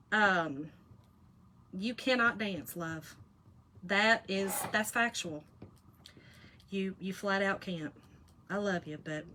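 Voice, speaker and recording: A woman's voice: medium pitch, sharp tone, slight background noise. A woman, hosting a casual craft live stream, chatty and folksy, teasing her viewers. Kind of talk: casual crafting demo chat.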